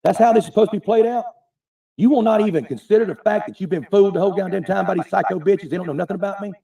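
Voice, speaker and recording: A man's voice: high voice, very fast, gravelly, dark tone, far from the mic. An angry man ranting profanely in defense of himself on a livestream. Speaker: online streamer defending himself.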